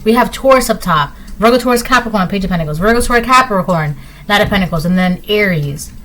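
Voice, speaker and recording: A woman's voice: medium pitch, expressive, quick pace, fairly bright tone, a little hiss or hum, poor audio. A woman giving a casual spoken tarot reading at home, talking in an emphatic, repetitive, conversational way with lots of fillers. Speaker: tarot reader.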